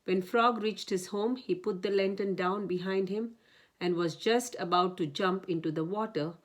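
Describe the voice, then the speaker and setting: A woman storyteller reading a children's picture book aloud in a gentle, expressive way. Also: medium pitch, normal speed.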